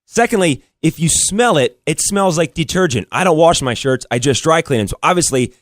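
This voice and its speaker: A man co-hosts a radio talk show, and he tells his story quickly and with plenty of frustration. His voice sits a little high. The studio sound is dry and close. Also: animated, no room sound. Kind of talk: casual talk show chat.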